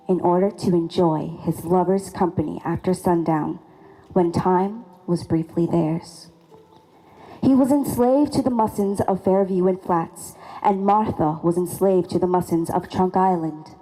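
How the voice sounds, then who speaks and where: A woman narrating a local ghost legend in a measured, formal reading. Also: lowish voice, warm tone, slight background noise, poor audio. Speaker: storyteller. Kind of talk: ghost story narration in a lecture series.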